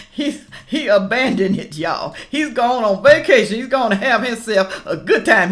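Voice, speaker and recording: A woman giving a casual reaction commentary, talking straight to her viewers in an animated, ranting way and laughing between remarks. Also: fairly high pitch, measured pace. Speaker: political reaction vlogger.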